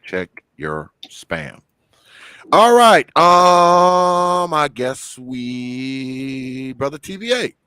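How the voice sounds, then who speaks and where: A man runs a loose online game night with a bright, forceful voice that swings up and down. He jokes, laughs a lot and repeats his lines for emphasis. The sound is dry and close. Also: medium pitch, big pitch swings, drawn-out words, clean tone, no echo. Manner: laughing, joking, repeats himself. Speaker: game show host. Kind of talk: casual online panel game.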